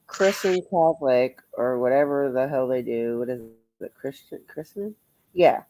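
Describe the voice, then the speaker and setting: A man's voice: medium pitch, a little slow, mellow, no echo, rough recording. A man chatting bluntly with viewers on a livestream, rambling and swearing freely. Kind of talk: casual livestream chat answering viewers.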